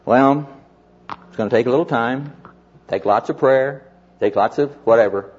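A husky man preaches and tells stories, dropping his voice low and quiet when he quotes a tired friend, then rising again to press his point. The recording is dull and lo-fi. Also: moderate pace. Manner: animated storyteller, quotes others in lowered voice. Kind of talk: sermon with storytelling.

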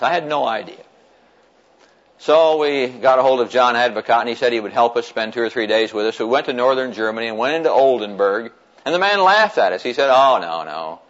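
An older American man telling a personal story to an audience, animated and chuckling, acting out what others said. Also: medium pitch, lo-fi sound. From United States. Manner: animated, chuckling storyteller who acts out quoted voices.

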